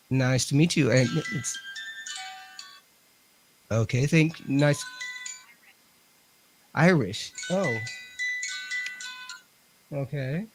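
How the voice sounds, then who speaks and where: A man's voice: mid-range voice, gravelly. A man, chatting on a radio show as a ghost hunter and talking to spirits. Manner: talks to spirits and equipment, chatty. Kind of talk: casual radio show chat.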